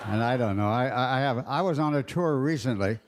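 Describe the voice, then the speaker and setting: Halting older male comedian at a roast. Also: medium pitch, very noisy. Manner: halting, fumbling delivery with many fillers. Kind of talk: roast stand-up jokes. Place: banquet dais.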